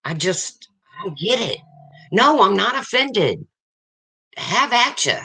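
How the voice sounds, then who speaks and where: A husky, mid-range voice with a sing-song, pushed, bright quality belongs to a livestream host in their fifties. They talk slowly, bluntly, and frankly, repeating points while casually answering viewers in the chat.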